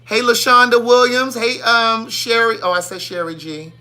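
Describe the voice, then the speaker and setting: A man's voice: very high voice, moderate pace. A man hosting a casual live stream, greeting viewers by name in a playful, sassy way. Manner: playful, sassy, animated shout-outs. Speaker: livestream host.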